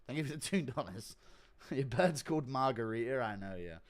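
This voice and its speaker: A man's voice: mid-range voice, lively intonation, fairly quick. A young man hosting a live stream, reading donations and joking crudely between laughs. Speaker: streamer host.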